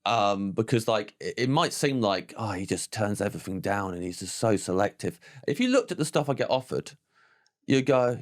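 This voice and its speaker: This man in his forties talks at a moderate pace in a lowish voice. He's a comedian guesting on a casual chat, animated and laughing often, acting out quoted voices and saying "like" a lot.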